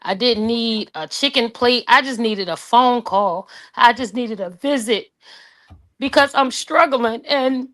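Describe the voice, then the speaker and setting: A tearful woman speaking about her anger and loss in a halting, raw and emotional way. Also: fairly high pitch, fairly bright tone. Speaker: guest sharing her grief. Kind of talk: personal testimony on a call.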